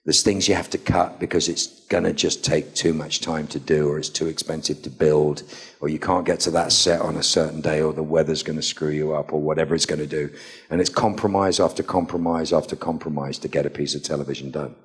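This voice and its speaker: A middle-aged man on a convention panel, telling anecdotes to a live audience in a playful, animated way. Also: a little fast. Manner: animated, playful, acts out quotes with big pitch jumps.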